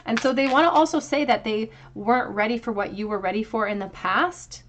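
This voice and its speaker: With a fairly high pitch and a brisk delivery, a woman walks her audience through a pick-a-card tarot spread while a faint hiss or hum sits under the recording. Her tone is earnest and thoughtful, and she stretches out important phrases for emphasis.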